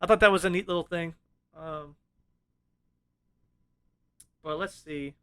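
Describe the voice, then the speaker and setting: Casual male podcast co-host, high bright voice, easygoing and salty. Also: a little slow, clear, resonant tone. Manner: laid-back, profane, laughs often. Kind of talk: casual film discussion.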